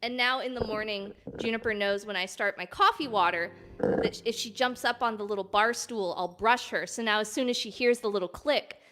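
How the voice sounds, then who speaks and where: This woman, a filk singer and streamer, talks at a medium pitch, a little fast, with a fairly bright tone. Sitting at her home desk during a live stream, she fills the gap between songs with rambling, giggly banter full of ums and little laughs.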